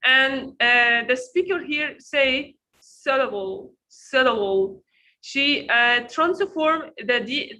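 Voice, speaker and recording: A woman with a high, bright voice teaches pronunciation in an online lesson. She speaks slowly. She says each word again and again so learners can copy it. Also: rough recording. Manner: slow, repeats words to drill them.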